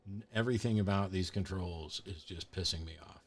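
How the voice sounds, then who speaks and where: A man's voice: low-pitched, a little fast. A middle-aged man streaming a game, casually talking to chat, frustrated and sweary with dry asides. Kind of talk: casual livestream commentary.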